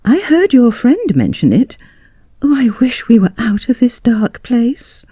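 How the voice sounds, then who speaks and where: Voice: wildly swooping pitch, measured pace, warm tone, no echo, studio quality, exaggerated voice. A reader voicing a young lady on a train, coy and easily frightened, in a raised voice. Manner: high, breathy coy lines.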